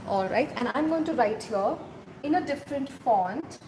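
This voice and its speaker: High-voiced Indian woman teaching doodling. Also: expressive, moderate pace, noisy background. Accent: Indian English. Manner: instructive, checks in often with the viewer. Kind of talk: casual step-by-step drawing tutorial.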